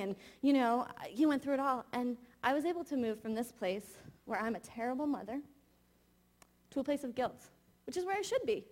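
A woman's voice: on the high side, lively intonation, moderate pace, darkish tone. A woman in her thirties preaching a sermon, telling a candid, confessional personal story.

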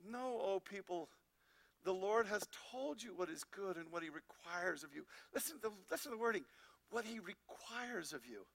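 A man's voice: high voice, big pitch swings, normal speed, creaky, fairly bright tone. A man pastor preaching a sermon, asking the congregation rhetorical questions and reading scripture aloud.

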